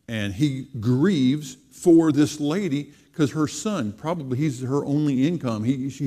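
Man preaching with slow, emphatic repetition. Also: medium pitch, warm tone. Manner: emphatic, repeating phrases with slow stressed delivery. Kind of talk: sermon.

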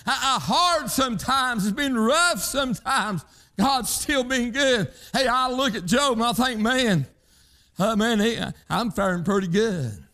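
High, bright-voiced country preacher man. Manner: rhythmic preaching with repeated "hey" and "huh" calls. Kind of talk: sermon.

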